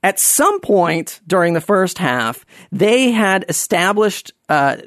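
A man telling a personal story to an audience in a self-mocking, halting way, with many restarts. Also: high-pitched, very animated, a bit bright, no echo, studio quality.

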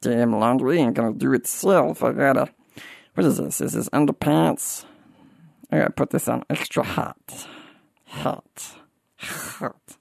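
A man doing an impression of a cartoon meatball boy who is cheerful but turns testy, his pitch swooping up and down. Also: unhurried, gravelly, long pauses, a little mellow, no echo, clean studio sound. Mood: grumbling.

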